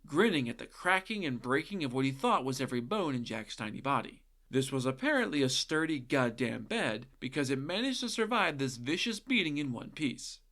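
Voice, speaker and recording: A man's voice: mid-range voice, fairly bright tone. A man retelling a folktale as a podcast host, irreverent and sarcastic, often swearing and adding asides. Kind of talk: comedic narration of folktales.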